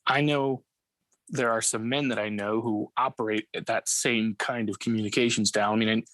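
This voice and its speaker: A man with a fairly low voice, hosting a relaxed interview. He speaks conversationally, often tossing in filler phrases, with a dry, close sound. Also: normal speed, dry recording. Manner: conversational, many "you know" fillers. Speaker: interview host. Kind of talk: casual interview chat.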